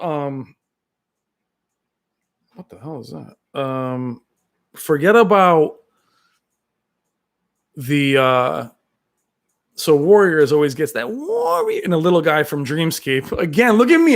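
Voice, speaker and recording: A man on a home live stream, reading viewer comments and riffing on them in a loose, rambling way. His voice sits a little high for a man and swings widely in pitch as he gets excited. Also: a little slow, pauses often. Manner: rambling, excitable, with frequent fillers.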